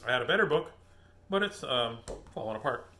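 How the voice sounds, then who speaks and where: A man's voice: medium pitch, expressive, fairly quick, sharp tone. A middle-aged man hosting a casual book reading, rambling and laughing as he gets sidetracked. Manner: laughing, chatty, easily sidetracked. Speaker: host reading children's books aloud.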